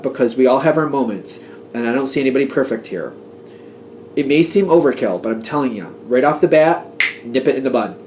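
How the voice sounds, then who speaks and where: A man's voice: medium pitch, lively intonation, fairly quick, darkish tone, slight background noise. A man giving a casual tarot reading, talking in a chatty, emphatic way as he gets worked up and laughs at himself. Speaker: tarot reader.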